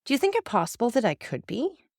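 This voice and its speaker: A despairing young man speaks in a pleading, bitter voice, pitched a touch higher than the narration, as a woman reads him aloud. It is an audiobook with dry, close sound. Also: wildly swooping pitch, quick pace, a little mellow, dry recording, full character voice. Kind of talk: audiobook reading.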